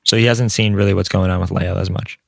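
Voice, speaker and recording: A man's voice: low voice, steady tone, quick pace, vocal fry, no room sound, clean studio sound. A man playing a tabletop game, casually thinking aloud about his character. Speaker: player.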